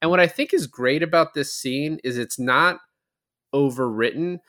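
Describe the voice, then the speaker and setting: A man with a sharp-toned voice on the high side co-hosts a casual movie podcast at a normal speed. He retells scenes and acts out the lines, swearing casually as he reviews the film.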